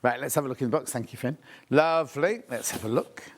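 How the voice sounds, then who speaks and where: A man's voice: mid-range voice, fast talker. A man presenting products on a live shopping channel, chatty and gushing, thinking aloud as he unpacks things.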